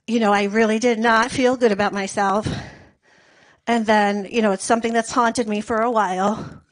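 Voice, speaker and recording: Brief: high-pitched woman comic, deadpan, rambling long-form stand-up on stage. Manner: rambling, deadpan storytelling with filler words. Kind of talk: stand-up comedy set.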